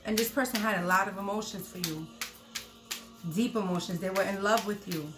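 A woman's voice: mid-range voice, fairly quick, over music. A woman doing a casual tarot reading, blunt and profane, repeating her points. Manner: acts out quoted lines loudly. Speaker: tarot reader.

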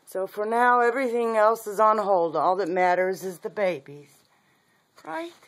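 A woman breeder talking casually about her puppies, often cooing to them in soft baby talk. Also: medium pitch, expressive, moderate pace. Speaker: dog breeder. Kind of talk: casual video chat with puppies.

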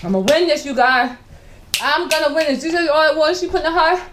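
A mother chatting casually in a home kitchen video, explaining things slowly and deliberately. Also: sits high, background noise. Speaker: mother running a prank video.

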